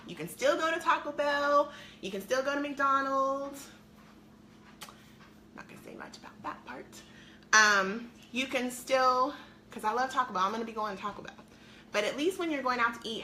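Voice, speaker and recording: A woman's voice: fairly high pitch, bright, forceful tone, a little hiss or hum. A middle-aged woman chatting to viewers on a live stream from her home, a weight-loss coach in an upbeat, talkative manner.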